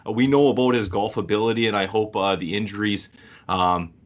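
A man from Ontario hosting a podcast, asking halting questions with many fillers. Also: fairly low pitch, steady tone. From Ontario, Canada. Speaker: podcast host. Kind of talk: casual interview questions. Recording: dull lo-fi sound.

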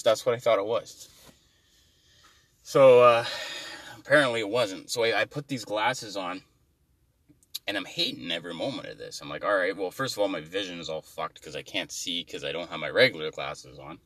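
Deep-voiced man on a profane rant. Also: a bit bright, no echo, recorded from a distance. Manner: rambling, profane, exasperated. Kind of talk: comic rant.

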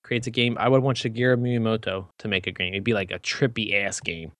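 A man co-hosting a casual comedy podcast. He teases and cracks quick jokes while the others talk. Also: lowish voice, steady tone, a bit bright, no echo, clean studio sound. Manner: quick teasing jokes and wisecracks. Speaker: podcast co-host.

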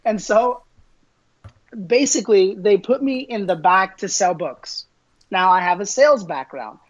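A man telling stories as an interview guest, lively and quick to laugh, putting on the voices of the people he quotes. The recording sounds dull and lo-fi, with the top end rolled off. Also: sits high. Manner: animated, acts out quoted voices, laughs often. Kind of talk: casual storytelling interview.

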